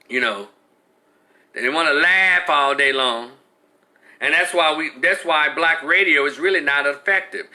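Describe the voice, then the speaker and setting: This live streamer addresses his chat directly with casual, animated, ranting commentary. He frequently restarts sentences, and his bright, sharp voice rests slightly high.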